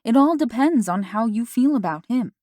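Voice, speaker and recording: A woman voicing a worried, gentle mother who questions her daughter in a soft, coaxing way. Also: a little high, animated, normal speed, no echo, studio quality, voice pushed up, lightly acted.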